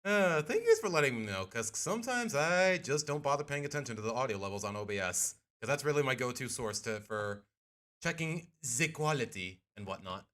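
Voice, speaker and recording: A man's voice: medium pitch, expressive, a little fast, a bit bright, a little hiss or hum. A man streamer in casual livestream chat, rambling and often restarting with "you know what".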